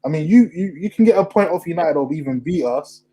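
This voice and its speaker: A young man hosting a casual football chat, animated and full of slang. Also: fairly high pitch, quick pace, husky, rough recording. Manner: animated, slangy, asks questions. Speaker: podcast host.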